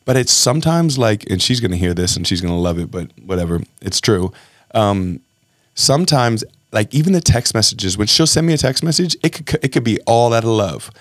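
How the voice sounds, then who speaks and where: A man's voice: lowish voice, a little fast, no echo, studio quality. A man hosting a podcast, talking candidly and with animation, often acting out what others said. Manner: animated, acts out quoted dialogue in a raised voice; candid and self-reflective. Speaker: podcast host. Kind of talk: casual podcast conversation.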